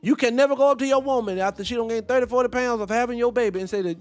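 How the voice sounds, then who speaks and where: High-voiced man in heated commentary. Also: very fast, soft background music. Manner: animated, profane, rhetorical questions. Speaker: host reacting to a debate clip.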